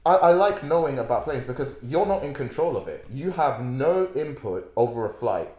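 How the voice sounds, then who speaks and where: Mellow man chatting on a podcast. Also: mid-range voice, lively intonation, moderate pace, reverberant. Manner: jokey interjections, earnest when explaining. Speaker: podcast co-host. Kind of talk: casual chat.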